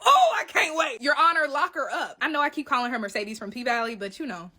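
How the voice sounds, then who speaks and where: A woman recapping a TV show in a casual reaction video, sassy and animated, calling the viewer baby and girl. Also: high-pitched, fairly quick. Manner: dramatic exclamations and side comments. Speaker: TV recap creator.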